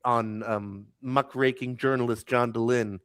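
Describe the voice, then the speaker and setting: Dude co-hosting a podcast, dry close sound, rambles through stories, chuckles. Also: male voice, mid-range voice, fairly even intonation, a little slow, fairly bright tone, no echo. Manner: rambling storyteller, laughing as he goes. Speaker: podcast co-host. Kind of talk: casual chat.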